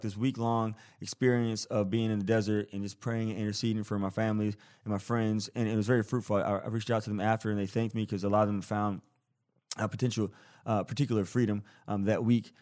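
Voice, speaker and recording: A man's voice: on the low side, fast talker. A man hosting a podcast, telling a story in a casual, playful, jokey way and acting out the scenes as he goes. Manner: animated, playful storyteller who acts out scenes; jokey, self-deprecating. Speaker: podcast host.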